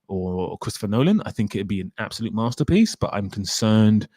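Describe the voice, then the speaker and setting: A young man hosts a casual livestream, chatty and opinionated as he reads out chat comments and answers viewer questions. His voice is fairly low and a little mellow, captured in studio quality with no echo.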